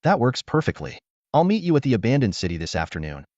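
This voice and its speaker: A man voicing an older, hearty veteran warrior who is resolute and proud, speaking in a booming, commanding way. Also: big pitch swings, fast talker, darkish tone, dry recording, highs cut off, lightly acted. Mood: approving.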